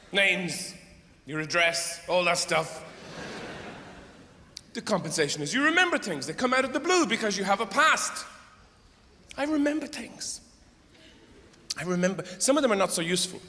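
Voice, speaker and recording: A man's voice: sits high, big pitch swings, normal speed, pauses often, pushed and bright. Middle-aged male comedian, rambling and profane. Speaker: stand-up comedian. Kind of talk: live stand-up comedy. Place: theatre stage. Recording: echoey hall with crowd noise.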